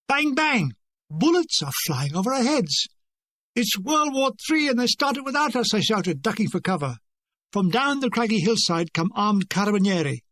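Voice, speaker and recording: A man's voice: high-pitched, a bit bright, dry recording. An older man reading his own war memoir aloud, with a dry, wry comic delivery. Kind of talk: audiobook narration.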